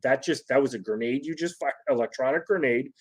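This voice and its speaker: Speaking a little quickly, this man has a medium pitch with a breathy edge. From home, phone close by, he gives viewers a relaxed solo talk about leadership, tagging lines with "right?" and frequently starting over.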